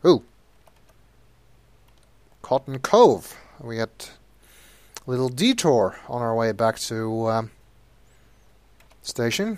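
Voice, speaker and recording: Let's play commentator, man, dry wry asides, close dry mic, mid pitch. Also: dry recording. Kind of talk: game commentary and reading game text.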